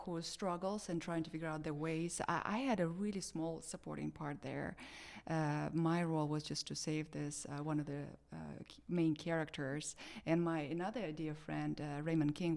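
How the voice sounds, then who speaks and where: A woman's voice: deep voice, darkish tone. A woman with a Russian accent, an actress chatting in an interview with many fillers and restarts. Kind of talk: casual interview chat.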